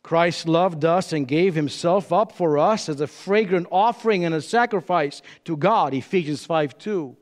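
High-voiced preacher in a reverberant hall. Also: male voice. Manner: dramatic pauses, emphatic rises and drops. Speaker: pastor. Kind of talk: sermon.

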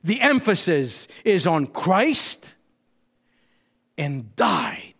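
A man preaching a sermon as pastor, with dramatic pauses and emphatic rises and drops. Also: high-pitched, big pitch swings, gravelly, a bit bright, big-room sound.

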